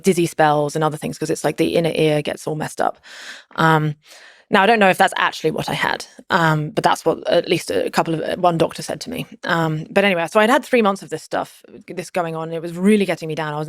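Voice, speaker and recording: A woman with a fairly low voice tells a personal story as a podcast guest. She rambles casually, filling her sentences with "like" and restarting them. The sound is dry and close, with no room around it. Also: dry recording. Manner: rambling, frequent "like" fillers and restarts.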